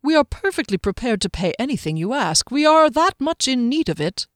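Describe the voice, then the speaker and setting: A woman's voice: high voice, very animated, brisk, no echo, pitched above the performer's own voice. Lady doing desperate mage guy pleading, urgent, dry close sound.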